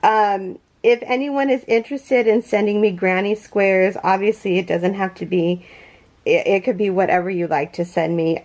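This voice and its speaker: A woman's voice: mid-range voice, darkish tone, lo-fi sound. A woman hosting a crochet vlog from her home yarn room, gushing with thanks and close to tears as she opens packages. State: near tears. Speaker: crochet channel host. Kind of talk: casual unboxing vlog.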